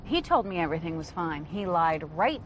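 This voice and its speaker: An actress playing an exasperated woman who snaps sharp, demanding questions at a gang of con men. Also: lowish voice, sing-song, fairly quick, a little hiss or hum. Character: exasperated wife of a con man. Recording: film soundtrack with music underneath.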